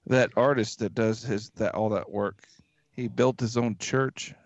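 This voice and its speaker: A man's voice: medium pitch, steady tone, unhurried, dry recording. A man co-hosting a podcast in casual chat, loose and easily amazed, swearing freely. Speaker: podcast co-host. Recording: dull lo-fi dry recording.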